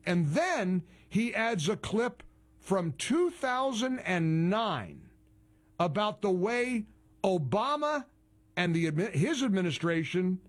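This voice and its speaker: A man hosting a talk radio show, delivering opinionated commentary in a heavily sarcastic, mocking manner. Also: high voice.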